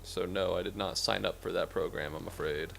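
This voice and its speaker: Young streamer dude, low voice, rambly and sarcastic, cusses and yelps, faint game music behind. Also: male voice, fairly even intonation, fairly quick, creaky. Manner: rambling, sarcastic, swears a lot, sudden loud yelps. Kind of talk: casual gameplay commentary.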